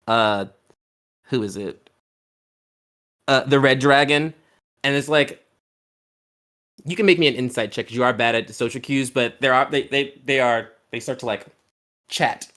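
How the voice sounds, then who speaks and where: A man's voice: mid-range voice, fairly bright tone. A man narrating as game master of a tabletop game, in a casual, rambling way with lots of fillers.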